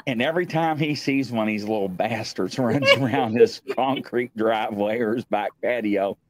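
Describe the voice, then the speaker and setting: A man's voice: mid-range voice, moderate pace, no room sound. A man hosting a casual live stream, rambling through stories, laughing and swearing often. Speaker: host.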